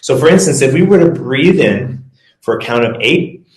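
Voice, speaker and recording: A man's voice: medium pitch, animated, normal speed. A man giving a casual presentation as a performance coach, talking loosely with self-corrections and leading breathing exercises. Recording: echoey room.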